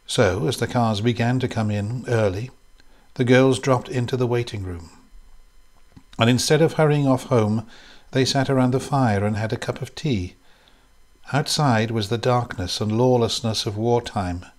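A man reading a literary short story aloud in a measured, even way. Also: medium pitch. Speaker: reader.

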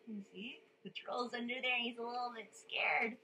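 A woman's voice: a little high, steady tone, normal speed, few pauses, sharp tone, slight background noise, low-quality recording. A woman reading a children's story aloud, playful and coaxing a young listener to join in with sounds.

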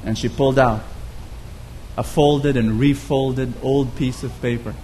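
A man's voice: mid-range voice, fairly even intonation, a little slow, darkish tone, a little hiss or hum. A man preaching a sermon, telling a story earnestly and often repeating words as he goes.

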